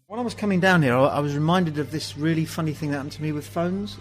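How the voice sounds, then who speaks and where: Hosting a pub podcast, a man from England tells funny anecdotes with animation, acting out the dialogue in this pub-chat storytelling. He speaks quickly in a fairly high pitch, with faint music behind him on a low-quality recording.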